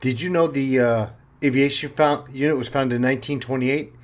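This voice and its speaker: A man, a former police officer, telling a story in a casual, animated way and swearing freely. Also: mid-range voice, normal speed. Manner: animated, swears freely, acts out his own panic.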